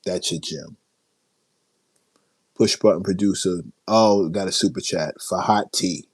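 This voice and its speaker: A man from Queens hosting a casual livestream, reading out viewer chats, his voice strained after a long night of yelling. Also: sits low, a little slow, husky, no room sound. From South Jamaica, Queens, New York. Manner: reading and answering viewer chat, with self-interrupting restarts. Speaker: livestream host.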